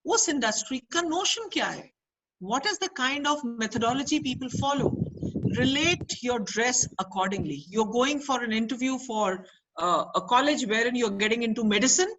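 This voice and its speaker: Over a low-quality video call recording, an Indian woman with a slightly high, somewhat bright voice gives students an interactive career counselling lecture, moving between Hindi and English and putting questions to them.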